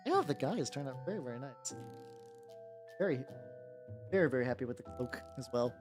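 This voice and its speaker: A woman hosting a casual live stream while painting miniatures, rambling and swearing freely, with soft music behind her. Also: lively intonation. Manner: rambling, swears casually, quick pitch jumps when quoting people. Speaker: vtuber host painting miniatures. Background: soft background music.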